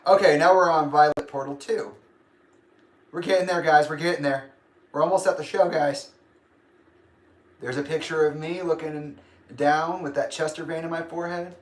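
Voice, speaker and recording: A man's voice: on the high side, fairly even intonation, moderate pace, pauses often. A young man hosting a casual livestream, rambling and grumpy, laughing often. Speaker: livestream host. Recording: echoey room.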